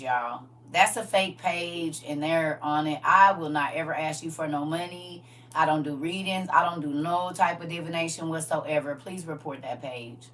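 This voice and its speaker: A woman's voice: low voice, fairly bright tone. A woman preaching casually on a live stream, talking to viewers in a folksy, emphatic way and repeating "listen" and "y'all". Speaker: livestream preacher. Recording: slightly distant mic with faint hum.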